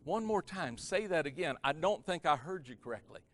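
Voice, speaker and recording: A man preaching, quoting a polite young female student who asks her questions in a gentle, surprised way. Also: on the high side, lively intonation, moderate pace, lightly acted.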